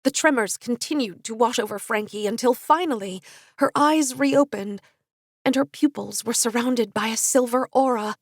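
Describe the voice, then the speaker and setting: A woman narrating an audiobook in an expressive, lively reading. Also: fairly high pitch, normal speed, no room sound, clean studio sound. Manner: expressive, lively character voicing. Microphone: studio USB microphone.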